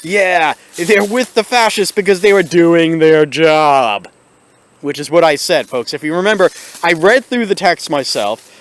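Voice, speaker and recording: High-pitched guy ranting at the camera, sarcastic and fed up, cheap camera mic. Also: expressive, a little slow. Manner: sarcastic, exasperated, talks straight to viewers. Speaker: video host. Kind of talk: ranting vlog commentary. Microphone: built-in camera microphone.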